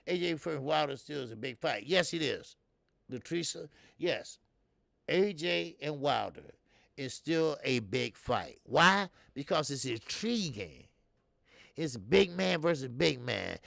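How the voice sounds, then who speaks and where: A man's voice: a little high, creaky, a bit bright, dry recording, studio quality. A man hosting a boxing talk show, rambling and swearing freely while he answers viewer comments. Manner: loose, profane and rambling, with many fillers. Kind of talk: casual live-stream commentary.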